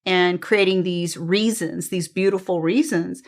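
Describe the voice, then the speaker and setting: A woman's voice: fairly low pitch, steady tone, a little slow. Effusive, laughing woman guest. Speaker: guest producer and publicity mentor. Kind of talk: casual chat.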